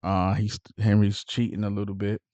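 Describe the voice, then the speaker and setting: Man animatedly retelling a movie, mellow. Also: fairly low pitch, moderate pace, no echo. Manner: animated retelling with acted-out quotes; loose, rambling with fillers. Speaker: movie reviewer. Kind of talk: casual movie recap.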